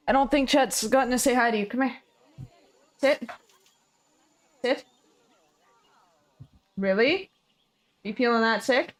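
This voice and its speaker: Woman game streamer, casual and chatty, slightly high pitch. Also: unhurried, pauses often. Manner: chatty, talks to viewers and her pet.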